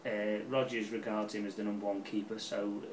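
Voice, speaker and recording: Scouse fan-channel pundit, middle-aged, excitable and sweary, a bit distant with faint background hum. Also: male voice, on the low side, a little fast. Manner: rambling, excitable, swears freely. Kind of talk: casual match preview. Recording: roomy, off-mic with faint ambience.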